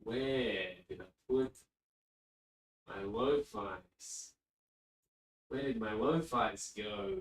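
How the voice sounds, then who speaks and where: A man's voice: medium pitch, big pitch swings, extremely slow, creaky, long pauses. Distracted male streamer, echoey and distant. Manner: rambling, easily distracted. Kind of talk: casual livestream chat. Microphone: sitting far from the mic. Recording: echoey room, distant mic.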